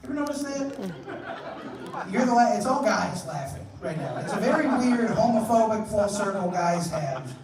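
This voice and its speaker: Heard through a distant mic amid crowd noise and audience laughter, a young comedian performs a club set in a high-sitting voice with big pitch swings at a moderate pace. He tells crude stories conversationally and acts out quotes, in a roomy, noisy live recording.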